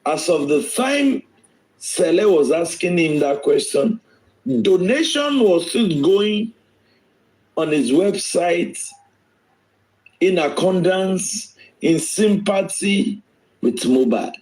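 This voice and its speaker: Male guest, forceful and repetitive, high voice with wide swings, unhurried delivery. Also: rough recording. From Nigeria. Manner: emphatic, repeats phrases, rises and drops sharply in pitch. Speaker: guest speaker on a live stream. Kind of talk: impassioned live-stream talk.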